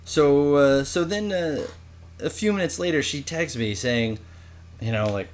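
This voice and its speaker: Animated young man telling a story. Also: measured pace. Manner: animated storyteller, acts out quotes in high voices. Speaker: podcast co-host. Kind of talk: casual storytelling chat.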